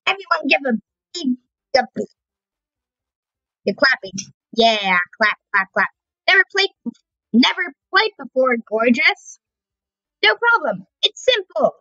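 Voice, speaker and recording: Brief: young female gamer, bright lively voice, dry muffled home mic. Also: sits high, measured pace, long pauses, no echo. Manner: playful, chatty, reacting aloud. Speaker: gaming channel host. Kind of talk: casual gameplay commentary.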